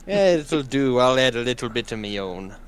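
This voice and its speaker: A man voicing a gruff male ship captain who likes strong drink, with salty sailor talk and a hesitant delivery. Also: mid-range voice, lively intonation, moderate pace, natural voice.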